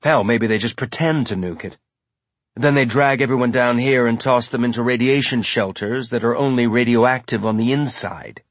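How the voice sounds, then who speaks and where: A man's voice: mid-range voice, normal speed, dry recording, natural voice. A man voicing a decisive male ship captain who speaks urgently and directly.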